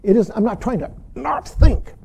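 A man gives a dharma talk as a Zen teacher, his voice dark and very mellow. He talks in a lively, swooping way, chuckling and pushing each point home with a steady "see". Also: very high voice, moderate pace, gravelly, breathy edge. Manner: emphatic, keeps saying "see", chuckles often.

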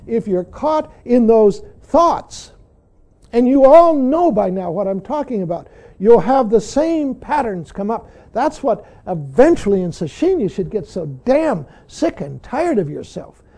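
Older man giving a high, mellow Zen talk. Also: big pitch swings, measured pace. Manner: earnest, frequently says "see". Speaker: Zen teacher. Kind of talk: dharma talk.

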